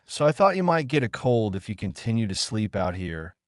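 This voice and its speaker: A man voicing a soft-spoken, polite young female ninja in a fan fiction reading. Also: fairly low pitch, big pitch swings, a little fast, no echo, studio quality. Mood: gentle.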